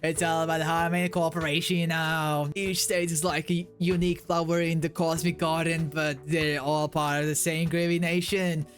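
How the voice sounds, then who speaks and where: Brief: a man playing a groovy stoner hippie, drawling and slangy, slightly higher voice, faint music under. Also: little pitch movement, normal speed, few pauses, lightly acted. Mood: laid-back.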